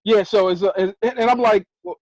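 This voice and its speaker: A man chatting excitedly and emotionally on a group video call, laughing often. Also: high-pitched, moderate pace, dry recording, poor audio. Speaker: guest on a spirituality call.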